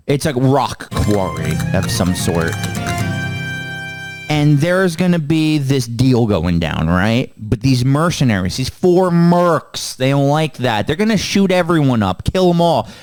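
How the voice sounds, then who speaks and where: A man's voice: mid-range voice, sing-song, a little mellow, soft background music. A man co-hosting a movie podcast, recapping the plot in a joking way. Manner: joking, recaps plots with quick put-on voices. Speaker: podcast co-host. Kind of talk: casual movie review chat.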